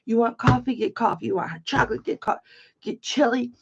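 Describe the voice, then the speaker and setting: Her voice sits on the high side, brisk and creaky with a breathy edge. A middle-aged woman from Michigan, she hosts an online auction on a casual livestream, rambling through a story in a chatty, blunt manner and swearing freely. The audio is slightly dull lo-fi stream quality.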